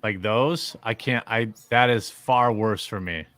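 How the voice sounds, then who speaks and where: A man's voice: on the low side, unhurried, a bit bright, no echo. A man hosting a casual livestream, rambling and joking with frequent laughter. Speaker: streamer host.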